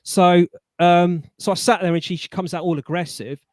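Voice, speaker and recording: A man, a guest on a live online show, telling a story in a casual, animated way, with frequent stammered restarts and colloquial phrases. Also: high-pitched, normal speed, dry recording.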